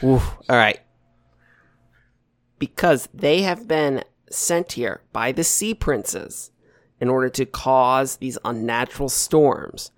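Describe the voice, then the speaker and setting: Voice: mid-range voice, expressive, no room sound. A game master narrating a tabletop game, often restarting sentences as the thoughts come. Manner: halting, restarts, quick asides.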